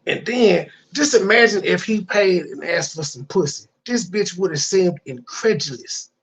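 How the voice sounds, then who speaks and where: A man's voice: high-pitched, expressive, normal speed, a bit bright, husky. A man hosting a reaction commentary, ranting with profane disbelief. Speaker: commentary channel host.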